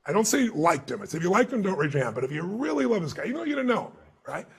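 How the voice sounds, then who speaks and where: A man being interviewed as an author, telling stories in an emphatic, animated way and acting out the dialogue. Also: sits high, racing, vocal fry, slightly rough. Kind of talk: interview storytelling.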